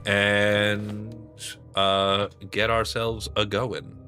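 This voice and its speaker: A man's voice: fairly low pitch, flat delivery, very slow, pushed and bright, soft background music. A man casually commenting on his gameplay, chatty with muttered asides. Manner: chatty, mumbling asides to himself. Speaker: let's play host.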